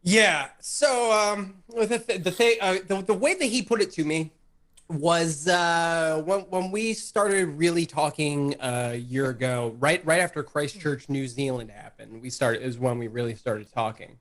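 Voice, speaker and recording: A man's voice: fairly high pitch, a little slow, a bit bright. A man guesting on a live talk stream, speaking bluntly and profanely in a rambling casual way. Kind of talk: casual livestream chat.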